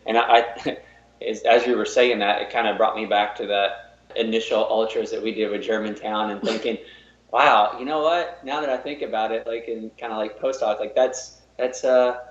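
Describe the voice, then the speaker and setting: A man's voice: fairly low pitch, steady tone, normal speed. Rambling man telling a story, echoey room. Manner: rambling, repeats words, uses lots of fillers. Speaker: podcast guest. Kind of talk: casual interview storytelling. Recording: roomy and dull, lo-fi.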